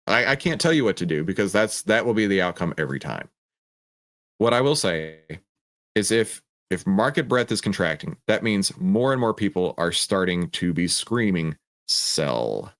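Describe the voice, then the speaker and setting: A man's voice: lowish voice, no room sound, clean studio sound. A man hosting a trading show, answering live viewer questions while working through charts in a casual, conversational way, often repeating himself and restarting sentences. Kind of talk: live Q&A with screen-share chart walkthrough.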